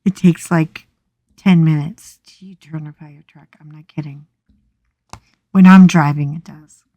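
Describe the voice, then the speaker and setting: A middle-aged American woman telling a story in a chatty, animated way as she talks on her craft channel. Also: low voice, unhurried, no echo. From United States. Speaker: craft vlogger. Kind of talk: casual storytelling chat. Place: small home craft room.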